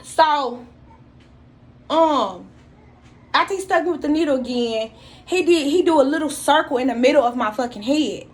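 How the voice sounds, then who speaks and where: A woman telling a story straight to her viewers in a casual, profane, animated way. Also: high-pitched, moderate pace, long pauses. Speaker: vlogger.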